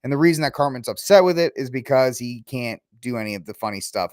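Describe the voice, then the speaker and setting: A man's voice: medium pitch, expressive, fast, hardly any pauses, a little mellow, dry recording. Sarcastic man ranting on his podcast, dry sound. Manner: ranting, sarcastic, mocking asides. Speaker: podcast host. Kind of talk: opinionated solo commentary.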